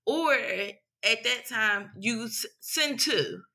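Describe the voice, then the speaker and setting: A woman in casual chat, telling an animated, profane story. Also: on the high side, drawn-out words. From Philadelphia.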